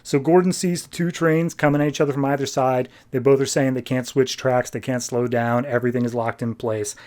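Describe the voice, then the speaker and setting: A man's voice: medium pitch, steady tone, a little mellow. A man hosting a podcast, casually recapping a comic story and loosely acting out the characters' lines. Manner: retells scenes quickly, acting out quotes loosely. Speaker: podcast host.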